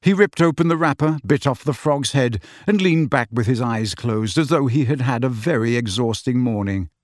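Telling the story in an expressive, measured way, a male audiobook narrator speaks at medium pitch. The recording has no echo and studio-quality sound.

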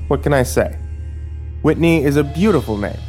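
A man's voice: a little high, expressive, normal speed, a little mellow, faint music behind, voice pushed up, close to an everyday voice. A man voicing a menacing, smug older sheriff who taunts with a sneering drawl.

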